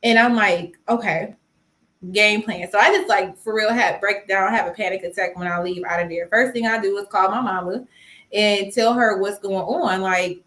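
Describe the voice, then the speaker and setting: A young woman tells her story to a live audience in a loose, conversational way, voicing the other people in it as she goes. Her voice sits at an average pitch. The room gives a noticeable echo. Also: normal speed. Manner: animated storytelling, acting out quoted dialogue. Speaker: host of a personal finance live stream. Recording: roomy echo.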